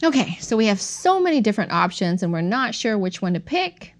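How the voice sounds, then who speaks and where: A woman teaching a Chinese language lesson on a podcast, slowly modeling tones. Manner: slow, careful modeling of tones with lively pitch swings.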